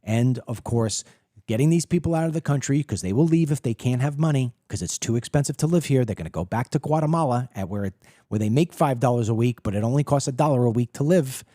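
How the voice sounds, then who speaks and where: A middle-aged man holds forth in an emphatic political monologue, piling up rhetorical questions and repeating words as he builds each point. His voice is mellow and dark, and the recording is dry and close with no room sound. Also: mid-range voice, lively intonation, fast, no room sound. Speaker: political talk show host. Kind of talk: opinionated monologue to camera.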